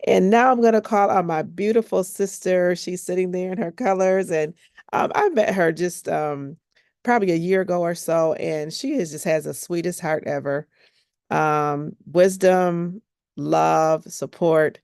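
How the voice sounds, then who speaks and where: A woman's voice: fairly low pitch, gravelly, darkish tone, no echo, clean studio sound. A woman moderating a webinar, introducing each speaker with effusive, affectionate praise.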